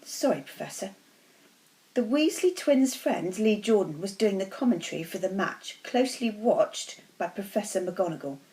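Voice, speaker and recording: A woman teacher reads a novel aloud to her pupils. Her storytelling is steady and expressive. She sits at the middle of the usual pitch for a woman. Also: moderate pace, few pauses, low-quality recording.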